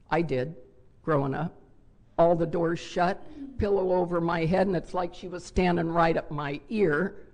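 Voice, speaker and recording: A woman's voice: lowish voice, steady tone, unhurried, a little mellow. An older woman sharing her personal story at a recovery convention, talking in a candid, heartfelt way. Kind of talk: personal share talk. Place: hotel convention ballroom.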